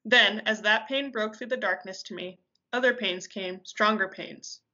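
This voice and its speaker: A woman reading a dramatic story aloud with intensity, pausing now and then to correct herself. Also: mid-range voice, bright, forceful tone, highs cut off. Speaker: reader. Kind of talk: amateur audiobook reading.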